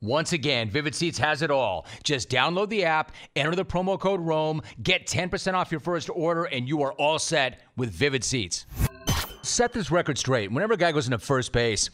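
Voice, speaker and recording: A man's voice: on the high side, animated, moderate pace, fairly bright tone. Emphatic podcast host, man. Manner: emphatic, enthusiastic delivery. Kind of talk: podcast interview and live ad read.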